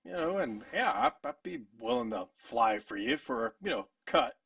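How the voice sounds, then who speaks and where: A man's voice: mid-range voice, big pitch swings, normal speed, gravelly, fairly bright tone. A man playing his character at a tabletop game, rambling and stumbling over his words. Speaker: player. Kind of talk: in-character tabletop role-play. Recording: distant mic with background music.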